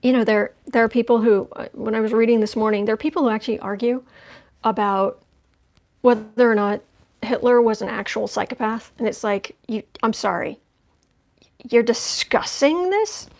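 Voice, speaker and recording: A woman's voice: fairly high pitch, fairly even intonation, fairly quick, darkish tone. A woman reading tarot cards on a livestream, thinking aloud in a conversational way as she turns each card. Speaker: tarot reader.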